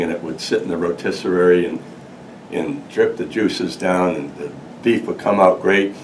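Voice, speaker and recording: An older man presenting a local history talk, telling stories casually with many restarts and laughs. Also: deep voice. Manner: rambling, many restarts, laughs through his story. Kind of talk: casual storytelling to an audience. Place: museum meeting room with audience. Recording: distant mic, faint noise.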